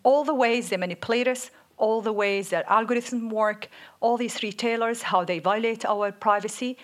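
A woman from Saudi Arabia with an Arabic accent, co-hosting a live podcast and telling stories in a lively, animated way. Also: a little high, moderate pace. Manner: lively, laughs often, animated storytelling. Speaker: podcast co-host. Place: stage before a live audience.

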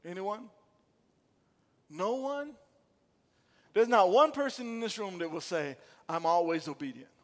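High-voiced pastor man preaching to the church, asks the room questions, gets loud and emphatic, big echoey hall. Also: lively intonation, unhurried, pauses often. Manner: call-and-response preaching, rising to emphatic bursts. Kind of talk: sermon. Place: church sanctuary.

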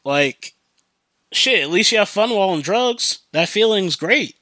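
Rambling, profane young man, bright voice. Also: high-pitched, lively intonation, unhurried, dry recording. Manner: rambling, profane, filler-heavy. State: drunk. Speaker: podcast host. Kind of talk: casual rambling monologue. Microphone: new home podcast mic.

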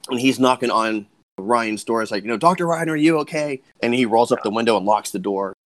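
A man's voice: lowish voice, steady tone, a little fast, a bit bright, no room sound. A man guesting on a podcast, chatting casually and explaining points with military and old-telephone detail. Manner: speculative, explains with military and phone-era detail.

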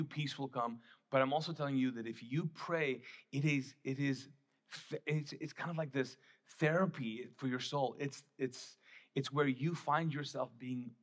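Male pastor, from the Middle East, husky voice, conversational and emphatic sermon delivery. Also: mid-range voice.

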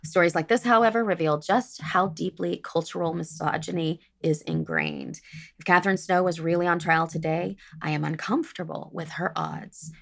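A woman's voice: on the low side, sing-song, moderate pace, gravelly, a bit bright. A woman podcast host reading a prepared history segment with dry, sardonic asides.

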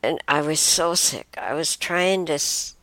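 A woman's voice: low-pitched, unhurried, a bit bright, dry recording. A woman hosting a show, casually telling a personal story in a rambling way, often restarting and correcting herself. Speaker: show host.

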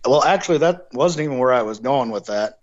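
A man co-hosting a casual podcast chat, talking in a measured, hedging way. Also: medium pitch, animated, lo-fi sound, a crowd in the background. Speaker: podcast co-host.

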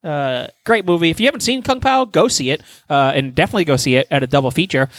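A man's voice: fairly high pitch, fast, dry recording. A man chatting casually on a podcast, rambling and swearing freely as he tells a story. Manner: rambling, profane, animated storytelling. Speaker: podcast host. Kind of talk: casual chat.

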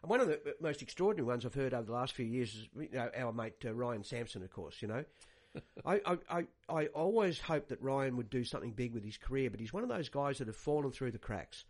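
An actor playing a rambling older radio host who repeats words and stalls on fillers. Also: male voice, mid-range voice, animated, brisk, few pauses, darkish tone, natural voice. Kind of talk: comic radio banter.

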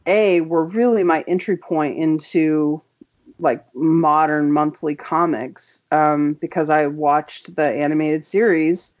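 A woman's voice: low-pitched, fairly even intonation, takes it slowly, darkish tone, muffled recording. A woman guest on an interview show, chatting casually and enthusiastically with lots of filler words. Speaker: comic book writer, guest.

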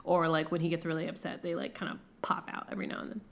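A woman's voice: sits low, completely flat delivery, racing, slight background noise. A young woman co-hosting a casual podcast about a book, chatty, laughing often and swearing freely. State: eating while talking. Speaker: podcast co-host.

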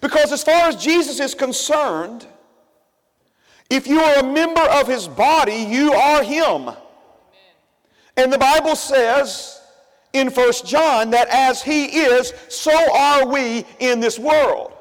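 Male pastor, very high voice, chatty sermon full of asides, long church reverb. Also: takes it slowly. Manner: conversational, with many asides and fillers; builds emphasis by repeating phrases. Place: church sanctuary.

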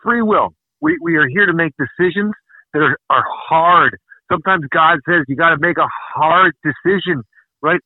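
A man with a slightly higher-pitched voice rants on a podcast, swearing hard and hammering his points through repeated words. The sound is thin and tinny like a phone line, bone-dry with no room. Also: moderate pace, no room sound. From Canada. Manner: angry, profane, emphatic ranting with repeated words. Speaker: podcast host. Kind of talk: casual podcast rant.

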